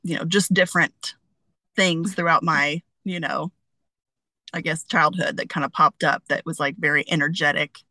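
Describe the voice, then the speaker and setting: A woman's voice: low-pitched, steady tone, moderate pace, pushed and bright, no room sound. A woman in her forties, a guest telling stories in a casual interview, chatty with many fillers.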